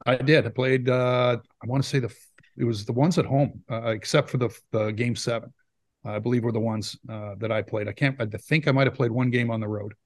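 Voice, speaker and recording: A middle-aged man, a former hockey player telling stories in a casual interview, rambling and animated with lots of fillers. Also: medium pitch, a little fast, no echo. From Saskatchewan, Canada. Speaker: former pro hockey player, now scout. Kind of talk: casual storytelling in a podcast interview.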